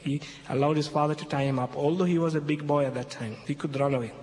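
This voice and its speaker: Talking fast in a slightly high, darkish voice, this man retells a Bible passage to an audience as a Christian speaker, using broken English. Key phrases recur, "okay?" comes up often, and an echoey hall adds faint background noise.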